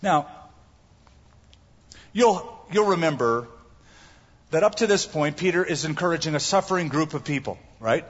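A male pastor preaching a sermon to his congregation, hammering home his points by repeating them. His voice sits a little high and sounds husky. The recording is dull and carries the long echo of a church hall. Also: expressive, moderate pace, long pauses. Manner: emphatic, repeats key phrases. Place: church sanctuary.

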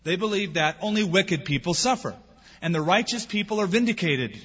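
A man's voice: high-pitched, expressive, fairly quick, fairly bright tone, slightly rough. A man preaching a sermon as pastor, asking rhetorical questions and acting out the people he quotes. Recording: dull sound with long hall reverb.

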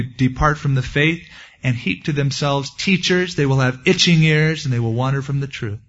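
Folksy pastor, lo-fi sermon. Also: male voice, fairly high pitch. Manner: conversational, folksy asides. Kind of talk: expository sermon. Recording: dull lo-fi recording.

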